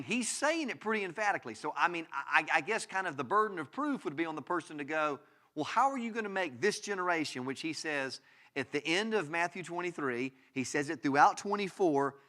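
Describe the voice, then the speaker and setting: A man's voice: fairly high pitch, sharp tone. A male pastor preaching a sermon, emphatic, often restarting phrases and asking the congregation rhetorical questions. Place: church.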